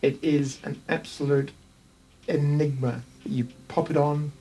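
A man's voice: on the high side, fairly even intonation, a little slow, warm tone, far from the mic, a little hiss or hum. A man with a New Zealand accent narrating a tabletop game as game master, rambling with frequent ums.

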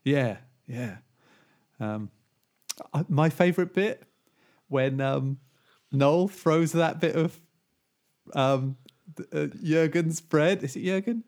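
A man's voice: on the high side, slow pace, darkish tone. Chatty man, laughing often. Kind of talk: casual chat about TV.

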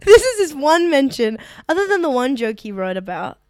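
A woman comedian co-hosting a casual chat, telling stories in an animated way and laughing often. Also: sits high, a little fast, no echo, studio quality. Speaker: comedian and co-host.

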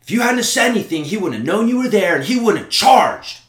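A man imitating a furious woman in her forties who yells and screams at him. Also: very animated, fast talker, roomy sound. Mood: shrieking. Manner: shrill, yelling.

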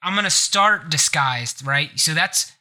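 A man hosting a live gaming podcast, telling bits in a playful, animated way. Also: on the high side, measured pace. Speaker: podcast host.

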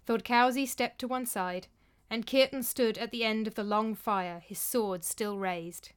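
A woman reading a story aloud in a measured, even narrating voice. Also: on the high side, clean tone. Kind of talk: audiobook narration.

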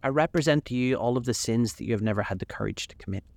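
A man's voice: medium pitch, fast, vocal fry, dry recording, lightly acted. Man voicing a languid witty aristocrat. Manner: drawling, epigrammatic, amused.

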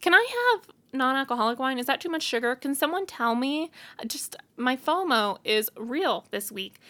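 A woman's voice: on the high side, bright, forceful tone. A woman hosting her own show, talking casually and bluntly, candid and exasperated as she vents. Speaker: podcast host. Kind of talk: casual solo venting.

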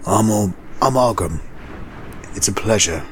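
Man as a shifty, gaunt rogue; sly, slow drawl, noisy take. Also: on the low side, expressive. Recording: background noise.

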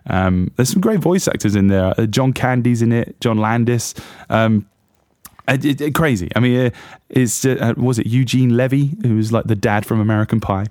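A man's voice: medium pitch, normal speed, a little mellow, no echo, studio quality. An English man hosting a casual music podcast, rambling and self-deprecating with plenty of fillers and restarts. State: recovering from chest infection. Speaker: podcast host. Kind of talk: casual chat.

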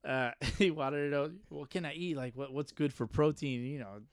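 A man's voice: medium pitch, moderate pace, clear, resonant tone, no room sound, studio quality. A man co-hosting a casual sports podcast, joking and laughing between crude banter. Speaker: podcast co-host. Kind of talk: casual chat.

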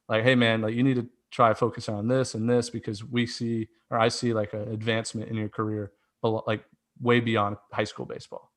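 A man co-hosting a casual podcast, asking long, rambling questions full of fillers. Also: mid-range voice. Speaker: podcast co-host.

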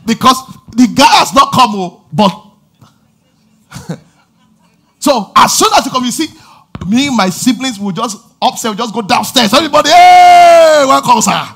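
A man preaching a lively sermon, shouting call-and-response lines and laughing between stories. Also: extremely high pitch, unhurried, long pauses, slightly rough. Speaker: pastor.

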